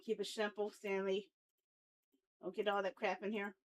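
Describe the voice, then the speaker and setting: A woman's voice: medium pitch, level tone, normal speed, pauses often. A woman live streaming as she works on her site, muttering to herself, swearing and repeating herself. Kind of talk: casual live stream while coding.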